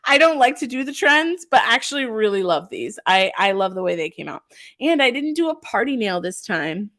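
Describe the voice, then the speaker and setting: A woman's voice: mid-range voice, very animated, moderate pace, a bit bright. A woman who runs a small craft shop, hosting a casual live stream. She chats and gushes about her products with lots of filler ums, and she reads out viewer comments and answers them.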